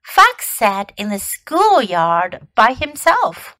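A woman from China, a children's English teacher and host, reading a picture book aloud in a gentle, sing-song way. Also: fairly high pitch, wildly swooping pitch, slow, dry recording. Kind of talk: bilingual storybook reading.

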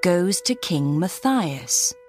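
A woman reading a storybook aloud for learners, slow and clear. Her voice is on the low side for a woman and swings widely in pitch, lively and expressive. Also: music in the background. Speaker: narrator.

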